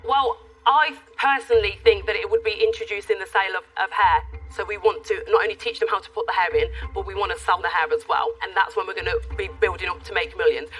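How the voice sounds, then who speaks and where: Nervous, earnest woman pitching. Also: fairly even intonation, fast, a bit bright. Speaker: entrepreneur pitching for investment. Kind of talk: business pitch under questioning. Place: television studio. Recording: distant mic with faint music.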